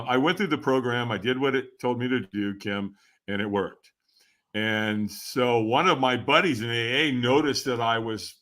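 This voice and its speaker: A man as a podcast guest, telling a personal story in a casual, animated way, laughing often and acting out what others said. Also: mid-range voice. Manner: animated, laughs often, acts out quoted voices.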